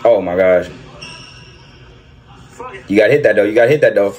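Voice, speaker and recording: A man doing excited reaction commentary over a basketball video, repeating himself and talking in slang. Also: on the low side, moderate pace. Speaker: reaction streamer.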